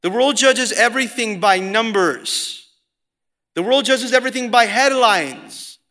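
A man preaching a sermon as pastor, earnest and deliberate, slowing down to stress scripture. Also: extremely high pitch, expressive, creaky, sharp tone. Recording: long hall reverb.

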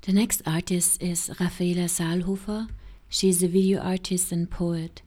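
A woman's voice: lowish voice, little pitch movement, normal speed, warm tone. Level-voiced woman introducing an artist. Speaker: event presenter.

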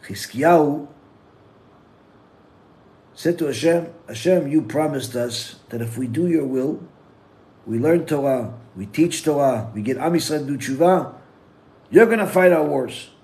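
Animated rabbi preaching a sermon. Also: male voice, fairly high pitch. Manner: animated storytelling, acts out characters in a joke; recites Hebrew psalm quickly, then English slowly.

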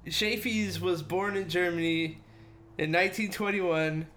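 Give me a man with a fairly high voice co-hosting a loose podcast. He reads his notes aloud, then breaks off into crude, joking asides. He laughs often as he goes. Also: fairly even intonation, measured pace, fairly bright tone. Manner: laughs often mid-sentence. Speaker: podcast co-host reading the story. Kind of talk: casual podcast chat.

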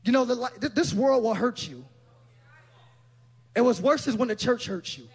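A man preaching a sermon with passion, swinging from quiet, low-key storytelling up to loud shouting. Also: expressive, normal speed, breathy edge. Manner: impassioned, builds to loud shouting.

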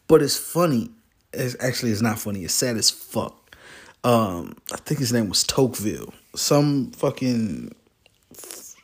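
A man's voice: medium pitch, darkish tone. Profane, worked-up man ranting. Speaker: vlogger. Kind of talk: heated political rant.

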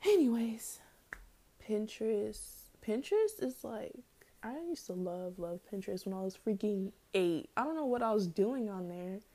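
Young woman rambling on her podcast, slangy, warm mellow tone, kinda breathless. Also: medium pitch, lively intonation, unhurried. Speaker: podcast host. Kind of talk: casual solo podcast chat.

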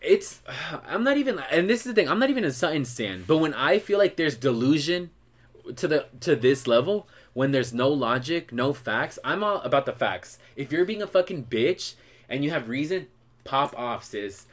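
A man's voice: fairly high pitch, sing-song, moderate pace. A man hosting a podcast, chatty and gossipy, recapping a reality TV episode in casual, swear-filled talk. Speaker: podcast host.

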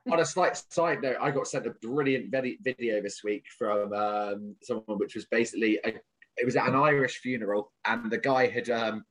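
Male co-host, mid pitch, husky, chatty and self-correcting. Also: steady tone, normal speed, fairly bright tone. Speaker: podcast co-host. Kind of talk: casual recap chat.

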